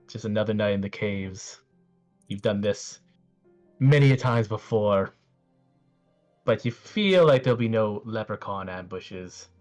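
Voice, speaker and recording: Man, game master, slow, low voice, faint music behind. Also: darkish tone. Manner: easygoing, hesitant fillers. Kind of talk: narrating a tabletop game.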